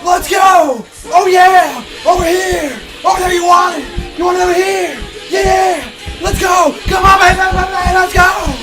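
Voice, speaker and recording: A man putting on a hyped male wrestler, shouting drawn-out catchphrases as in a ring entrance. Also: very high-pitched, fairly even intonation, over music, a crowd in the background, pitched above the performer's own voice.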